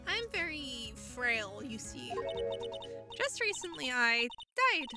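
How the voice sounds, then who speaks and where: A woman playing a frail young waitress with a soft, hushed, unsettling way of talking. Game music plays under the voice. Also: high-pitched, sing-song, slow pace, exaggerated voice. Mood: eerie. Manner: quiet, soft and creepy. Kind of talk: reading game dialogue aloud.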